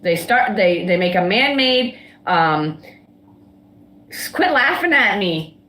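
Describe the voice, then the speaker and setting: A woman's voice: mid-range voice, big pitch swings, slow pace, fairly bright tone, roomy sound, slight background noise. A woman in a heated, casual livestream rant, talking bluntly and defiantly with frequent swearing. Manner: blunt, swearing, defiant, laughs between outbursts. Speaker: livestream guest.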